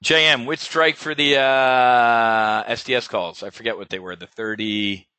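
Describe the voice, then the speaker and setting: A man's voice: mid-range voice, fairly even intonation, unhurried, sharp tone, clean tone, no room sound. A man hosting a casual live webinar as an options trading coach, stammering and repeating words, blunt and salty, with pilot slang.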